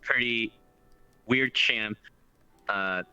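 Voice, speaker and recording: A man's voice: lowish voice, very slow, pushed and bright, smooth, dry recording. A man hosting an interview show, chatting casually and joking with his guest. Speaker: host. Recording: dull lo-fi mic with faint music.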